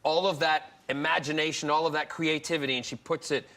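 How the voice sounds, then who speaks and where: A man's voice: a little high, fairly even intonation, fairly quick, sharp tone. A man in his fifties from Scotland, co-author of a book, speaking enthusiastically as a guest and teasing his sister. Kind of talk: interview guest.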